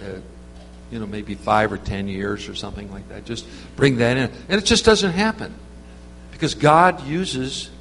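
A man's voice: medium pitch, moderate pace, vocal fry, fairly bright tone. Rambling man preaching in a reverberant hall. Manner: rambling, conversational, with many restarts and fillers. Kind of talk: informal sermon with storytelling. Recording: reverberant hall with faint hum.

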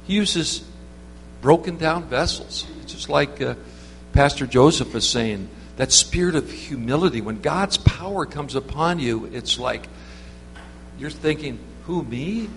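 A man's voice: fairly high pitch, animated, measured pace, a bit bright. A man preaching an informal sermon, telling stories in a rambling, conversational way with many restarts. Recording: reverberant hall with faint hum.

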